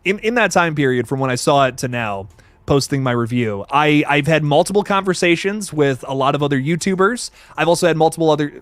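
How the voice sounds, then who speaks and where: Young man, livestream host, animated and lively, slightly high voice, dry close sound, excitable and profane. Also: no echo. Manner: excitable, profane, reads chat comments aloud. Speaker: horror movie reviewer on livestream. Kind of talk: casual livestream chat.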